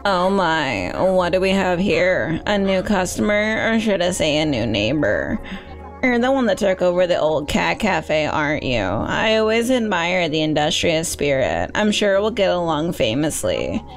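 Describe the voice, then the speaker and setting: A woman's voice: on the low side, very animated, unhurried, soft background music. A woman putting on a suave, grand shop owner. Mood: courteous. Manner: smooth, courteous, a little grand. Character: poised, suave female store owner, businesslike.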